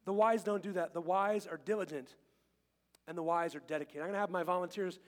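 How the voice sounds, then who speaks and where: Chatty joking pastor man, high voice. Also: fairly even intonation, fast, big-room sound. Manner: chatty and joking, quotes scripture, acts out little scenes. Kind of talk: casual humorous sermon. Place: church sanctuary.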